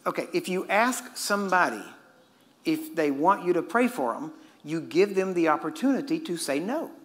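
A man's voice: a little high, expressive, normal speed. A man preaching a sermon, emphatic and constantly quizzing his listeners. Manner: emphatic, questioning the audience.

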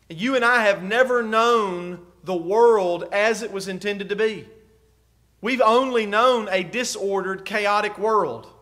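A man preaching a sermon as pastor. He asks the congregation rhetorical questions and swings from quiet to loud. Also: high-pitched.

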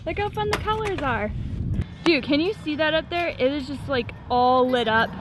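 An excited woman chats to her children at an outdoor fair, full of exclamations. Her voice is high and swoops widely. The noise of the fair and its animals comes through clearly behind her. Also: moderate pace. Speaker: vlogging mom. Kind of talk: casual vlog chat.

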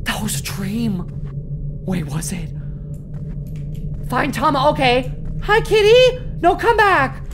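A woman's voice: a little high, sing-song, slow pace, pauses often, noisy background. A woman streaming a horror game live, panicking, swearing and shrieking the same exclamations over and over. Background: game music.

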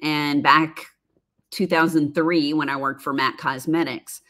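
A woman in her fifties, a former makeup artist now hosting a livestream, chats casually as she reads viewer comments, laughing often and wandering into asides. Her voice sits low and a bit bright, with fairly even intonation and a measured pace.

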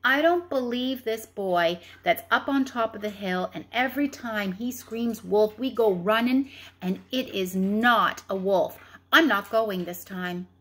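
A woman's voice: mid-range voice, measured pace, a bit bright. A woman voicing a fed-up villager who scolds a boy in a storybook reading. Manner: scolding, firm.

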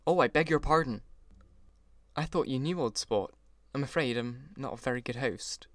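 A man's voice: medium pitch, normal speed, dry recording, natural voice. A man reading an audiobook, voicing an elegant young host who picks his words with care and stays formal and courteous. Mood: apologetic. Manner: courteous, carefully chosen words.

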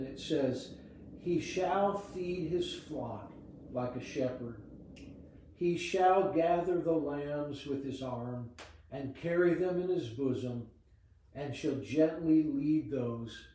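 A middle-aged man, a pastor and father, giving an earnest, gentle devotional sermon with frequent fillers and repeated words. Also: a little high, slow, slight background noise. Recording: echoey room, mic at a distance.

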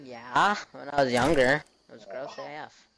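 A woman's voice: rumbling low, normal speed, noisy background. A woman gamer chatting casually with friends, playful and giggly. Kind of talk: casual chat while gaming.

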